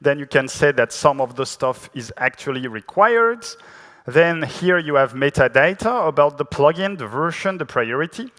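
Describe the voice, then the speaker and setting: A man's voice: on the high side, lively intonation, normal speed, fairly bright tone. French guy giving a tech talk, chatty and self-deprecating, voice ringing out in a big reverby hall. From France. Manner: chatty and self-deprecating, many fillers and restarts. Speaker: conference speaker. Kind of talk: technical conference talk. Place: large conference hall.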